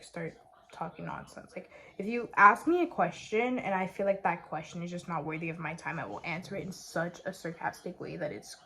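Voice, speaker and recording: Young woman, chatty get-ready-with-me vlog, sarcastic, faint hiss behind. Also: fairly low pitch. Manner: chatty, sarcastic, filler-heavy with lots of "like". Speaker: beauty vlogger. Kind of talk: casual get-ready-with-me chat.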